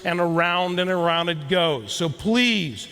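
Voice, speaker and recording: A man's voice: high-pitched, expressive, unhurried, a bit bright. A man giving a keynote speech to a live audience, telling stories and leading the crowd through playful exercises. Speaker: keynote speaker. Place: stage before a live audience.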